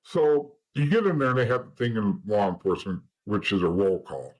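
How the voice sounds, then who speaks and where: A man with a husky, slightly low voice talks as a guest in an interview. He tells his stories bluntly and casually, swears freely, and acts out the lines of the people in them. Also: big pitch swings, brisk, rough recording.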